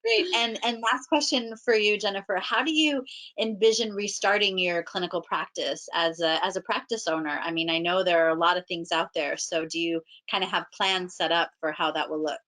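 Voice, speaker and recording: A woman moderating a panel over a video call, affirming answers and asking brisk questions. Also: on the low side, sharp tone, low-quality recording. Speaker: webinar moderator.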